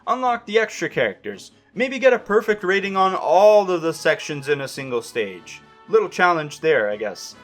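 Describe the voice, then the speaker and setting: A man's voice: sits high, sing-song, normal speed, few pauses, fairly bright tone. A young man narrating a scripted trophy guide for video games, with wry, self-deprecating asides. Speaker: game guide host. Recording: voice-over over faint music.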